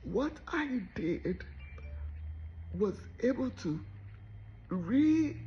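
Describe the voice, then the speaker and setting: A woman giving a motivational talk as a story, animated and acting out the voices of the people in it. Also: on the high side, very slow, dull audio, slight background noise. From Nigeria. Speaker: motivational speaker.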